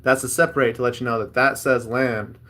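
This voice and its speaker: A man's voice: mid-range voice, fairly even intonation, a little fast, bright, forceful tone. A man hosting a casual chat while opening card packs, rambling and reading card text aloud.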